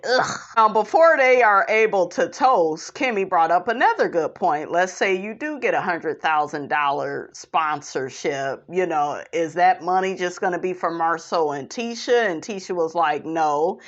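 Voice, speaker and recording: A woman's voice: on the low side, animated, moderate pace, dull audio. A woman vlogger recapping a reality show in blunt, sassy, profane casual commentary, calling viewers "honey".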